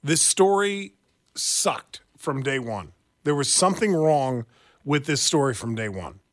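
A man's voice: mid-range voice, expressive, a little slow, dry recording, studio quality. Blunt, indignant male radio host. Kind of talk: talk radio commentary and live read ads.

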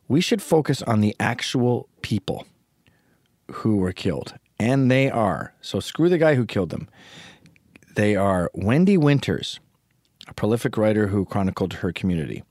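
A man hosts a podcast alone, rambling through a sarcastic, crude, casual monologue. His fairly low voice is animated and a little mellow, moving at a moderate pace. The recording is studio quality with no room sound.

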